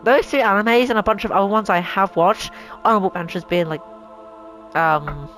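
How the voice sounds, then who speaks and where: A woman's voice: medium pitch, normal speed, fairly bright tone, faint music behind, poor audio. A woman hosting a casual opinion rant at home, rambling, swearing a lot and sounding exasperated. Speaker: channel host. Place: home room.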